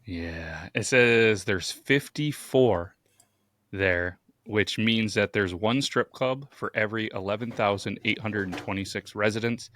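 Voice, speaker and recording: A man's voice: lowish voice, a little slow, fairly bright tone, no echo. A man co-hosting a podcast in casual chat, who laughs easily and reads facts aloud in a dry way. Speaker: podcast co-host.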